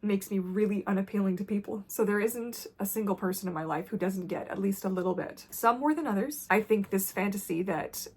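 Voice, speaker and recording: A woman vlogger talking candidly to camera in a blunt, intense way that drops to quiet when the subject gets heavy. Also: medium pitch, fairly quick, hardly any pauses, slightly rough.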